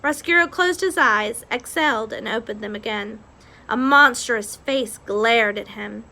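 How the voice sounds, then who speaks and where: Woman reader, high and bright, expressive storybook reading. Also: a little slow, low-quality recording. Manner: recaps casually, then reads with expression. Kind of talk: reading a children's novel aloud.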